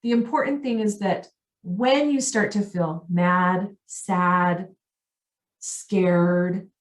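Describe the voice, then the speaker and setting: A woman's voice: on the low side, drawn-out words, echoey room. A woman giving an online parenting training, explaining step by step and acting out what children and parents say. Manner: explains warmly, acts out quoted voices of kids and parents. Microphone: video call.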